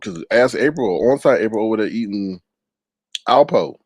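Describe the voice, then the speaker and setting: Animated man telling gym stories. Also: normal speed, breathy edge, no echo, studio quality. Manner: animated, jumps into high exaggerated voices when quoting people; reads viewer comments aloud and teases them. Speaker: live-stream host. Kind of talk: casual storytelling chat.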